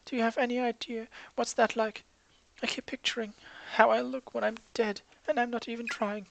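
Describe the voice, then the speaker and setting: Higher-pitched scared schoolgirl, as the game reader puts her on, weary and homesick; noisy home recording. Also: normal speed, vocal fry, close to an everyday voice. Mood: shaken, homesick. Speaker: teenage schoolgirl character. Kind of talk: reading game dialogue aloud. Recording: steady background hiss.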